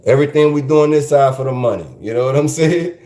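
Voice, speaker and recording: A podcast host with a South Louisiana Creole accent talks fast in a mid-range voice with a dark tone, and the room is echoey. His casual commentary monologue rambles loosely, with Creole French phrases dropped in.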